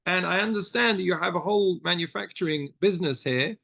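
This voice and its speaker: British man playing a gentle old sage, patient and soft, gravelly edge. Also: high voice, brisk, dry recording. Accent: British English.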